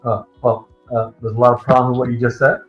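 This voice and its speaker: A man's voice: medium pitch, level tone, quick pace, music in the background. A male caller in a heated debate, defensive and lecturing, complaining about being interrupted, heard over a call line. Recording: dull, roomy call audio.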